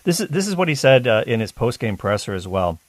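A man's voice: medium pitch, sing-song, fast, no room sound. A man hosting a talk radio show, chatting enthusiastically between calls. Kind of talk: casual talk radio chat.

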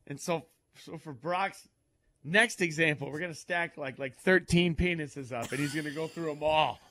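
A man's voice: on the high side, normal speed, a bit bright. A man co-hosting morning radio, tossing in crude wisecracks during the banter. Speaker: morning show co-host. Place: radio studio.

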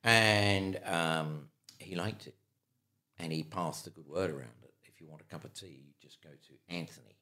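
An older man with a London accent, an interview guest telling stories in a casual, animated way, with many restarts and stammered repeats. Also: low voice, normal speed. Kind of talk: casual anecdotal storytelling.

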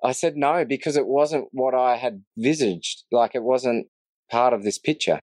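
A man earnestly telling his faith story in a casual interview, reflective and quick to laugh. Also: medium pitch, darkish tone, dry recording. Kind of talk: casual testimony in conversation.

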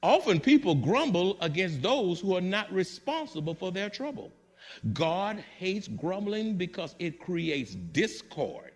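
A man's voice: sits high, sing-song, unhurried. A man preaching a sermon to his church congregation, building fervor through repetition. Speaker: pastor. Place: church sanctuary.

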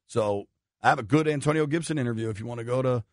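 A man's voice: mid-range voice, quick pace, dry recording. A man hosting a radio show, joking with his co-hosts in a dry, self-deprecating way in the studio. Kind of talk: casual studio banter. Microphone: studio mic with headphones.

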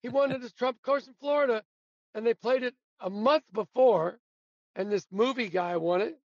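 High-voiced man telling lively stories. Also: normal speed, no echo, lo-fi sound. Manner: animated anecdotes, laughs often. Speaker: guest storyteller, sportswriter. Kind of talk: casual storytelling interview.

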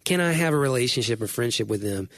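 A man with a husky, slightly breathy voice talks through matters of faith in an earnest, meandering way, often restarting his sentences. His sound is close and dry, with no room around it. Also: medium pitch, animated, fast talker, fairly bright tone, no room sound. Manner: earnest, rambling, self-correcting. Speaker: Christian podcast co-host. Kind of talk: casual faith conversation.

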